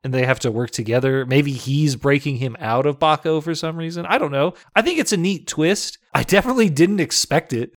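A podcast co-host chats casually about a movie, laughing often and acting out quotes. His voice is a little high and fairly quick, with few pauses. The studio recording is clean, with no room sound.

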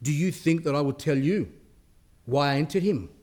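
A proud, evasive demon that throws back mocking questions, as a man reads it aloud in a religious talk. The voice sits a little high for a man and stays close to the reader's own. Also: moderate pace, a little mellow, natural voice. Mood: scornful. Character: evasive, proud demon speaking through a monk.

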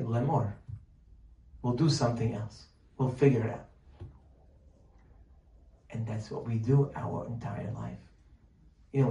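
A man giving a Torah talk as a sermon, animated and full of rhetorical questions, sometimes dropping to a near-whisper to act out pleading. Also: medium pitch. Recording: distant mic, echoey room, faint noise.

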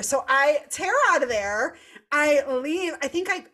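An animated woman in her thirties tells a story on a casual podcast. Her voice sits a little high. She laughs often and swears freely as she talks. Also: measured pace. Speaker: podcast host.

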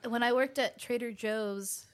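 A young woman singer chats as a podcast guest, playful and a little goofy. She giggles through her answers. Her voice sits fairly high. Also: steady tone, a little slow. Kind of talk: casual chat.

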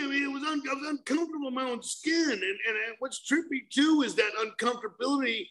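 Recovery-meeting speaker, male, high-pitched, animated confessional storytelling with loud bursts. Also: fast, few pauses, slight background noise, rough recording. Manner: animated storytelling with bursts of shouting, repetitive fillers. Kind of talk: personal recovery share.

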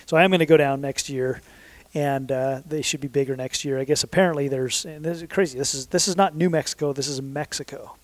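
A man's voice: medium pitch, steady tone, fast, hardly any pauses, no room sound. A man in his thirties telling a long story in a casual, rambling way, correcting himself often and leaning on fillers. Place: southern Utah.

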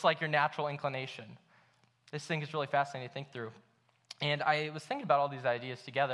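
A man's voice: medium pitch, a bit bright. A young man giving a casual sermon at church, telling a story in a chatty way with lots of fillers. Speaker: pastor. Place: church hall.

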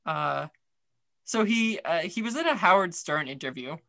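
A man co-hosts a podcast in a loose, rambling chat, full of fillers and restarts. His voice sits a touch high and rings bright, and the recording is dry and close. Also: lively intonation, normal speed, vocal fry, no room sound. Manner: chatty, rambling, many fillers. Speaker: podcast co-host. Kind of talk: casual chat.

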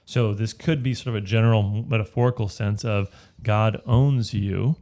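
A man's voice: on the low side, steady tone, moderate pace, darkish tone. A man leading a casual Bible study, explaining a passage step by step and often checking in with "right?". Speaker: Bible teacher.

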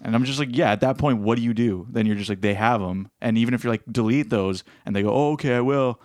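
A man's voice: lowish voice, steady tone, fast talker, a little mellow, no room sound, clean studio sound. A man co-hosting a podcast in casual chat, joking and teasing, laughing often. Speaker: podcast co-host.

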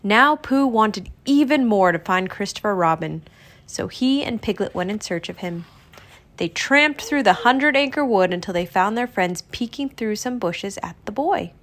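Lively woman reading a children's storybook. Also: medium pitch, a little slow. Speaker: narrator. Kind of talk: storybook read-aloud narration.

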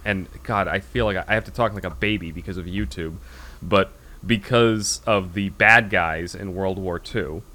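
A man's voice: low voice, moderate pace, pushed and bright. An American man hosting a podcast, talking in a rambling, casual way with lots of restarts. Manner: rambling, with many fillers and restarts. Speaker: podcast host. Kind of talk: casual chat.

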